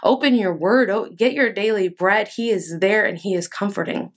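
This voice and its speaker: A woman's voice: medium pitch, normal speed. Earnest woman giving a casual devotional talk. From Texas. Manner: earnest, conversational, filler-heavy. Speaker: podcast host.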